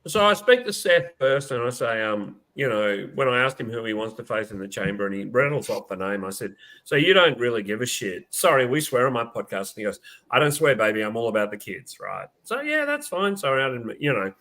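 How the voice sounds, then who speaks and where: An Australian man hosting a wrestling podcast, chatting loosely and swearing freely as he tells a backstage story. His voice sits at an ordinary middle pitch. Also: very animated, brisk, a bit bright, poor audio. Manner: swears freely, laughs while telling stories. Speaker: podcast host. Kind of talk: casual chat.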